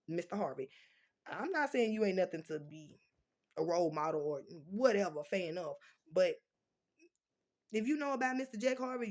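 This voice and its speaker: A woman, talking fast and emphatically straight to viewers in a casual rant, her words often running together. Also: medium pitch, darkish tone. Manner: emphatic, repeats "doggone", fast slurring talk. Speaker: vlogger addressing viewers. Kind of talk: casual direct-to-camera rant. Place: indoors at home, dim lighting.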